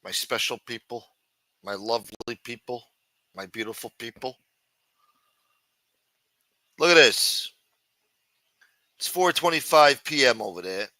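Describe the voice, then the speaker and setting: Bright-voiced man hosting a casual livestream. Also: mid-range voice, expressive, normal speed, dry recording. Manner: loud mock-preacher calls, crude banter, sing-song asides. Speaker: livestream host. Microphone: desk microphone.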